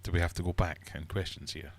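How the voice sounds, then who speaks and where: A man's voice: deep voice, flat delivery, quick pace. A man hosting a live-streamed quiz from his fish room, reading questions and teasing the audience in a playful, mock-uppity way. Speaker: livestream host and quizmaster.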